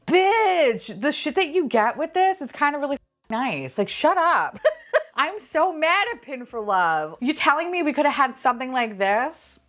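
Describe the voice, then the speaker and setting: A woman talks through a toy unboxing in a casual, excitable rush. Her pitch leaps all over the place as she gushes, curses playfully and breaks into squealing laughter. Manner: gushing, swearing, bursts of squealing laughter. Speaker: unboxing vlogger.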